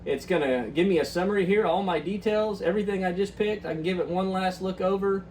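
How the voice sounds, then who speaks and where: A man's voice: high voice, a little fast, darkish tone, distant mic, slight background noise, poor audio. A young man hosting a fishing channel, chatting upbeat through a walkthrough with lots of ums and uhs. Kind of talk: casual screen walkthrough.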